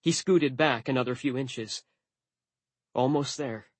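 A man narrating an audiobook in the first person with a wry, deadpan delivery. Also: mid-range voice, slow pace, no echo.

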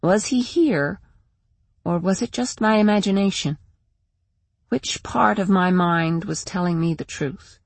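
A woman narrating a first-person audiobook in a measured, tense way. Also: on the low side, dry recording.

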